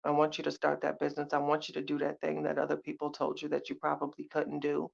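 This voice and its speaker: Gravelly, flat-voiced woman livestreamer. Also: low voice, fast. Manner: heartfelt, preachy, repeats phrases, greets chat viewers. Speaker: livestream host. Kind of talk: motivational live-chat talk. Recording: dull lo-fi livestream audio.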